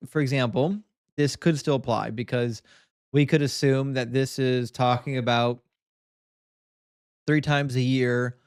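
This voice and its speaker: A man's voice: medium pitch, clear, resonant tone, dry recording, clean studio sound. A man co-hosting a podcast, chatting casually and making opinionated, joking remarks. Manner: opinionated, joking, half-serious rants. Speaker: podcast co-host. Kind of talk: casual chat.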